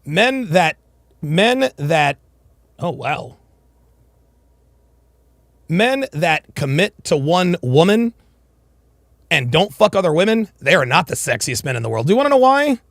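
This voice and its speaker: A man's voice: on the high side, big pitch swings, slow pace, vocal fry, long pauses, a bit bright, no room sound, studio quality. A man giving blunt, crude, ranting reaction commentary.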